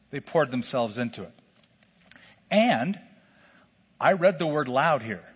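A man's voice: on the high side, moderate pace, long pauses, breathy edge. Man preaching in a reverberant hall. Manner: animated, conversational preaching with rhetorical questions. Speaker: pastor. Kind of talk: sermon. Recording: lo-fi sermon recording with long hall reverb.

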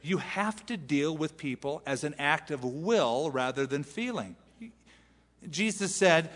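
A pastor preaching a sermon, animated, acting out the lines he quotes from scripture. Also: mid-range voice, unhurried, long reverb tail.

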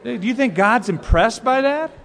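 A man's voice: extremely high pitch, normal speed, creaky, slight background noise. Man preaching a sermon in a reverberant hall. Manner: animated storytelling, mimics prayer voices. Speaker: pastor.

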